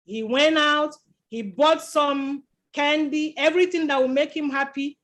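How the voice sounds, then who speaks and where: A woman tells a story to children at chapel. She keeps the telling lively and stops again and again to ask the children what comes next. The feel is warm and friendly, like a storyteller talking with her young listeners. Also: high-pitched, a little slow. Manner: lively, quizzes the children with questions.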